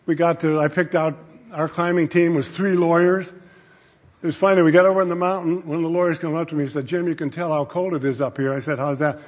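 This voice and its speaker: A man's voice: a little high, fast. Man telling stories in a big echoing hall. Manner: animated, acts out quoted dialogue. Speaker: speaker telling a story to an audience. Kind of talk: anecdotal storytelling talk. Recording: long reverb from a large hall.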